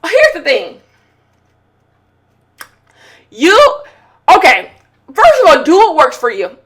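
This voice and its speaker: A high-pitched woman hosting a casual podcast, candid and full of slangy banter. She swings from loud, excited bursts down to quiet murmured asides as she talks while doing her makeup. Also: measured pace. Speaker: podcast host. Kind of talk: casual chat.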